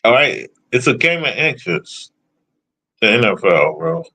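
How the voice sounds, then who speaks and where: A man's voice: medium pitch, sing-song, measured pace, bright, forceful tone, slightly rough. A man ranting casually about football predictions, blunt and profane as he answers his chat. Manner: profane, blunt, trash-talking. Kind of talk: casual sports rant.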